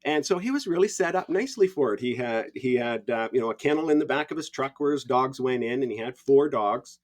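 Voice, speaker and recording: A man, a podcast guest telling stories in a relaxed, rambling way with frequent laughs. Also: mid-range voice, a little fast. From Canada. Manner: easygoing, rambling, laughs often. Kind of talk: casual storytelling.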